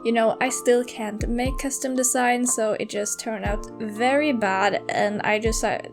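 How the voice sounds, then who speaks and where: Young woman, fairly high voice, chatty, laughs easily, soft music behind. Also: fairly even intonation, a little slow, gravelly. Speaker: game building video creator. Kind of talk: casual narration and storybook reading.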